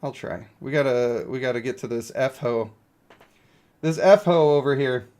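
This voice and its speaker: A young man live-streams a mobile game, rambling and joking as he thinks aloud about the characters. His mid-range voice has a darkish tone and a measured pace, fitting the casual commentary.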